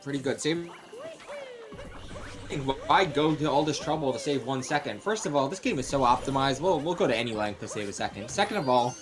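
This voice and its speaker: A man giving casual live commentary on a speedrun race, quick and chatty with plenty of fillers. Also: mid-range voice, animated, music in the background.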